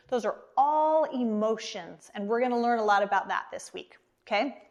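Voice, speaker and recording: Cheerful preschool teacher, higher voice. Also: female voice. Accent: American. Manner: slow, encouraging, speaks to small children. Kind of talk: online preschool lesson.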